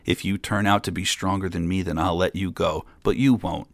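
A man voicing a huge, evil old man with a long beard, speaking slowly and menacingly. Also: low-pitched, steady tone, dry recording. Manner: slow, menacing.

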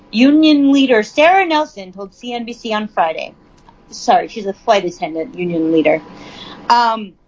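A woman's voice: on the high side, dull audio. A woman casually reading news aloud and riffing on it with frank, profane asides. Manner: chatty, profane, reads news then riffs on it. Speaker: commentator.

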